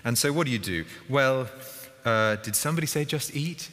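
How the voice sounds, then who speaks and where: A man's voice: medium pitch, lively intonation, brisk, fairly bright tone. A man preaching a sermon as a vicar, chatty and informal, often restarting his sentences and acting out little stories. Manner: chatty, self-interrupting, acts out stories. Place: church. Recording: long church hall reverb.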